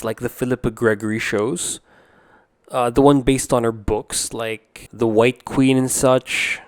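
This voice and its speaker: Young guy rambling through a review, says like a lot, smooth clear voice, dry close recording. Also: mid-range voice, darkish tone, no room sound. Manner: rambling, many "like" fillers, opinionated. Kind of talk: casual spoken review.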